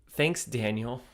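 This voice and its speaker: A man's voice: mid-range voice, fairly bright tone, no room sound. A man hosting a livestream, thinking aloud while writing a comedy sketch, hesitant with many ums and chuckling as he reads lines aloud.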